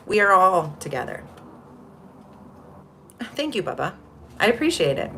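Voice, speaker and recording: A woman's voice: medium pitch, very animated, measured pace, long pauses, pushed and bright, slight background noise. A woman hosting a casual spiritual livestream, chatty and rambling as she greets viewers from the chat. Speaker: livestream host.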